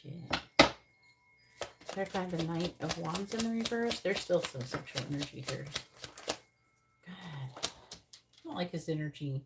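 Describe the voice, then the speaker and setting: Blunt, profane woman tarot reader. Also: very noisy. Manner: blunt and profane, with frequent laughter; mutters card draws in a low, quick undertone. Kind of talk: live-streamed tarot reading, casual chat.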